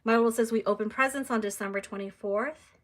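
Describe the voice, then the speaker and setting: A woman's voice: on the high side, fairly even intonation, a little fast. A young adult woman casually chatting on a live stream, reading out viewer comments with plenty of "you know" and "um".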